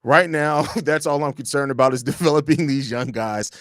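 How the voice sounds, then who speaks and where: A man with a Chicago accent hosts a live podcast stream, reading chat comments aloud and ranting with blunt, profane energy. His voice sits high for a man, and the sound is dry and close, with no room around it. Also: normal speed, no echo.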